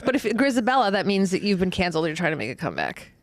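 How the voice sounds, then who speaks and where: A woman hosting a podcast in casual chat, quick, jokey and laughing. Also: medium pitch, sing-song, no room sound. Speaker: podcast host.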